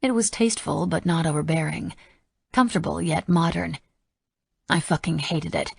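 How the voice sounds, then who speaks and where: A woman's voice: low-pitched, normal speed, vocal fry, husky, dry recording. A woman narrating a first-person audiobook in a blunt, sardonic manner.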